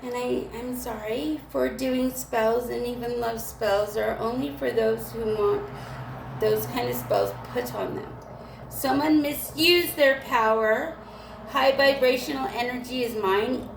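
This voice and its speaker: Woman vlogger, gravelly voice, rambling and irritated, echoey room on a phone. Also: on the high side, recorded from a distance, noisy background. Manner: rambling, emotional, irritated, halting restarts. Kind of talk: rambling spiritual monologue. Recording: echoey room with faint ambience.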